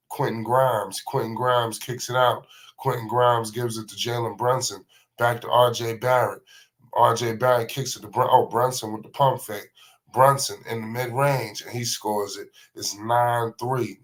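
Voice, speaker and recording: A man calling basketball play by play on a livestream, excitable and slangy, naming every pass. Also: mid-range voice, measured pace. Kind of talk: live play-by-play commentary.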